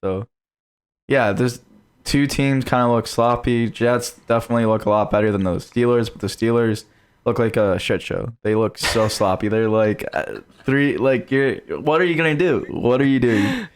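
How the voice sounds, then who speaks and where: A young man co-hosting a podcast, talking fast and animated in casual sports chat, with a slight case of hiccups. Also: fairly low pitch, clear, resonant tone. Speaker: podcast co-host.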